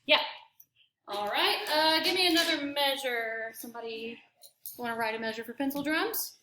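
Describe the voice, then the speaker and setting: Upbeat choir teacher lady counting rhythms out loud, bright high voice, echoey classroom. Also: moderate pace, background noise. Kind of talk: classroom demonstration. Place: school classroom.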